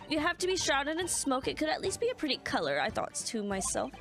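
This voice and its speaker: A woman's voice: high voice, sing-song, fast, fairly bright tone, faint music behind, voice pushed up, heavily acted. A woman voicing a chirpy, eccentric young woman inventor who speaks in a perky, prim way.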